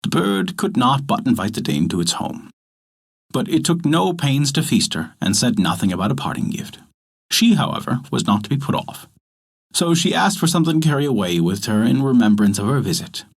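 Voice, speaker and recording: A man narrating a folk tale and hosting a story podcast, in an expressive, scripted storytelling manner. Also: medium pitch, fairly quick, vocal fry, breathy edge.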